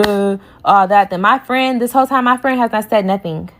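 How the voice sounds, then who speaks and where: A young woman recounting a story in a casual, heated way. She swears freely and slips into the voices of the people she quotes. Her pitch sits right in the middle for a woman. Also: fairly even intonation, moderate pace, hardly any pauses, a little hiss or hum. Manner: heated, profane retelling that acts out quoted dialogue.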